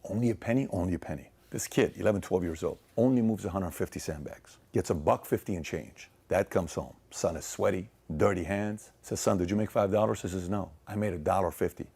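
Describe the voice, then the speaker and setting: A man giving a motivational speech, telling a story and acting out its dialogue, swinging from loud to soft. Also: low voice, brisk, creaky, hardly any pauses, husky. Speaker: speaker in a played clip.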